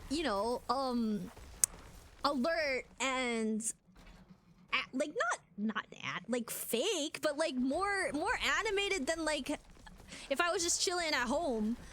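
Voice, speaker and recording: High, lively young woman streamer. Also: slow, a little hiss or hum. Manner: animated, chatty, many fillers. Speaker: VTuber streamer. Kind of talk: casual live-stream rant.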